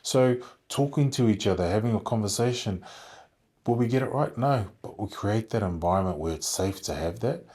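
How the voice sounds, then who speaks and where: A man's voice: fairly low pitch, expressive, normal speed, a little mellow. A man, a contact centre leader talking as a podcast guest, thoughtful and rambling with many fillers and restarts. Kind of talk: conversational podcast interview.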